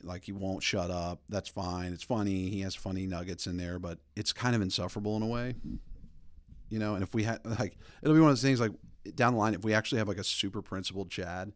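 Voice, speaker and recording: A man in his thirties hosting a podcast, telling stories in a rambling, animated way. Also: deep voice, fairly quick, dry recording, studio quality. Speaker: podcast host. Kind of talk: casual opinion talk.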